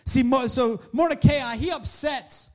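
A man preaching a sermon in an animated, conversational way, acting out the people he quotes. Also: extremely high pitch, measured pace, soft background music.

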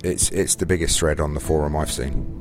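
A man's voice: a bass voice, fairly even intonation, brisk, over loud music. A British man hosting a casual gaming podcast, rambling with frequent restarts. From Britain. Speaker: podcast host.

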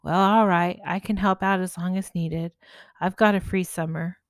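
A woman's voice: fairly low pitch, fairly even intonation, normal speed, no room sound, clean studio sound, lightly acted. A woman voicing a friendly male farmhand with a put-on southern drawl, playful and kind in a storybook tale.

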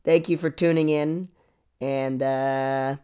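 A man's voice: medium pitch, steady tone, slow, warm tone, clean tone. A young man hosting a podcast, ranting sarcastically with lots of swearing, "like" and "dude". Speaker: podcast host. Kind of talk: comedic rant monologue.

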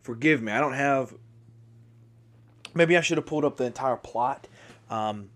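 A man's voice: mid-range voice, normal speed. A man hosting a podcast, recapping a film from memory in a loose, rambling way, restarting and correcting himself as he goes. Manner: speaks from memory, apologetic and excitable. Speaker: podcast host. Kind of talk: casual spoken movie recap.

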